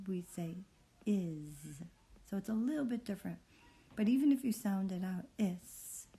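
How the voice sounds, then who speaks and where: Speaking in a mid-range voice, a woman teaches phonics, carefully sounding out each word. She's patient and gentle, offering soft encouragement and praise to the learner.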